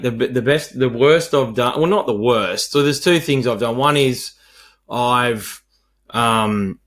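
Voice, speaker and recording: A man's voice: medium pitch, slow pace. Swearing Australian man telling stories. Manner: swearing, animated storytelling with acted quotes. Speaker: podcast co-host, wedding celebrant. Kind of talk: casual chat.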